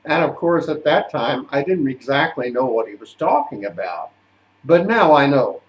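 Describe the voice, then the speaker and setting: An older man, an opera singer, telling stories in a deliberate, indignant way. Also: medium pitch, big pitch swings, highs cut off. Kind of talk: storytelling monologue. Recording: echoey room.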